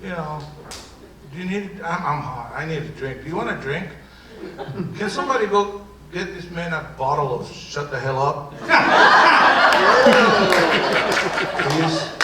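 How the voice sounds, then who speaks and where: A man's voice: fairly high pitch, lightly acted. An actor playing a defensive, brash male immigrant comedian with a Spanish accent, rambling and stammering through a live improv bit. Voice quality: lively, rambling, stammering delivery. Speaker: improv performer. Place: theater stage before an audience. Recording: roomy hall, distant mic, loud noise.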